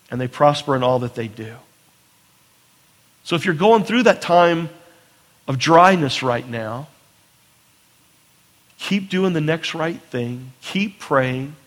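A man's voice: fairly high pitch, a bit bright. A pastor preaching a sermon in an earnest way, often repeating words as he starts a phrase. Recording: long hall reverb.

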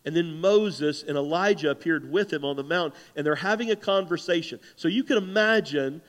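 A pastor delivering a lively sermon, his voice sitting high for a man. The words ring out with a long reverb, as from a large church hall. He preaches in an animated, conversational way. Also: normal speed.

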